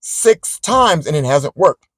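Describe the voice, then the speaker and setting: Animated man telling a story. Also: fairly high pitch, takes it slowly, no room sound, rough recording. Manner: animated, chatty, addresses viewers directly. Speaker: vlogger. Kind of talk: casual storytelling to camera.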